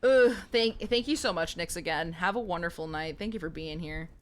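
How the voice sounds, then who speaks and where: A woman in her twenties streams a game live, her lowish voice moving fairly quickly. She offers gameplay commentary while chatting playfully and joking with her viewers.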